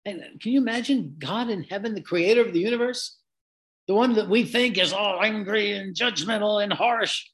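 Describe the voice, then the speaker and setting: A man's voice: sits high, normal speed, fairly bright tone. A man hosting a Christian podcast, teaching in an earnest, reflective, conversational way with folksy asides.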